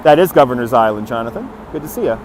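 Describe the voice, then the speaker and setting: A man with a mid-range voice hosts a live walking stream on a city street, talking in an animated, racing way. He's upbeat and chuckles as he greets viewers by name. He's recorded on a phone mounted on a handheld gimbal, with faint city traffic in the background.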